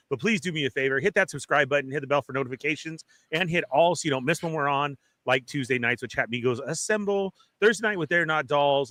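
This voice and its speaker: A man hosting a casual livestream show, welcoming viewers with energetic hype. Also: on the high side, no echo. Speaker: podcast host.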